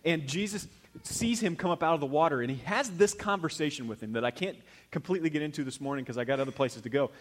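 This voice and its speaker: A middle-aged male pastor delivers a sermon in a folksy, conversational style, swinging between hushed and loud. His voice is a little high and his pace is quick.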